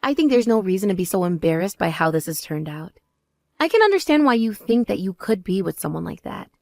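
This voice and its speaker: Woman doing composed big sister, low and level, cutting remarks, dry sound. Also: vocal fry, no echo. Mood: cool. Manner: measured, calm, lower and drier.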